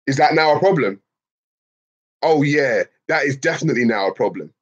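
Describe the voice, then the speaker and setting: A man streaming to his chat in a casual, profane rant, animated and repeating his points. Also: medium pitch, brisk, husky, lo-fi sound.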